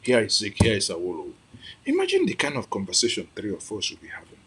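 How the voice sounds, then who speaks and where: A man's voice: lowish voice, wildly swooping pitch, quick pace, a bit bright, husky. A man with a Nigerian accent giving impassioned commentary as host, emotional and exclamatory, repeating phrases for emphasis. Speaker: host reacting to an archive clip.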